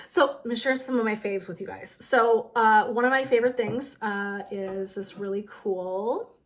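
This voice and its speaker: A woman's voice: mid-range voice, moderate pace. A middle-aged woman hosting a wellness channel, chatting casually to her viewers and giggling through a funny story.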